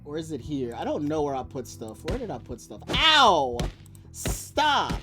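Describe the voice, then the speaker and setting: A man's voice: a little high, fast, soft background music. A man streaming a game with a friend, chatting casually, laughing often and talking to himself as he plays. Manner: laughs often, excitable, talks to himself while playing. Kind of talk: casual gaming stream chat.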